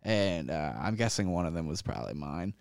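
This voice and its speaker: Rambling young man, smooth clear voice. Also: deep voice, lively intonation, brisk, no echo. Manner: rambling, profane, heavy with "like" fillers, laughs often. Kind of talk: casual chat.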